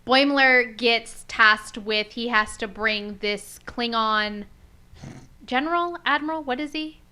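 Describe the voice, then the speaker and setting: Bright-voiced woman recapping an episode. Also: on the high side, slow, clear, resonant tone. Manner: animated storyteller, swears freely, acts out quotes. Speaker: podcast co-host. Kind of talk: casual chat, recapping an episode.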